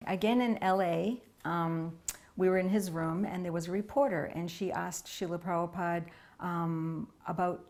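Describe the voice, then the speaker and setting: A woman reminiscing in an interview, telling anecdotes in a lively storytelling manner. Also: on the low side, normal speed. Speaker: devotee recalling memories.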